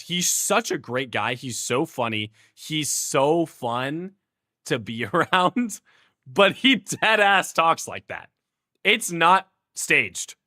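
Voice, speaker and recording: A man's voice: a little high, bright, forceful tone. A playful, goofy young man with a Houston accent, chatting casually with his stream viewers in heavy slang and laughing often.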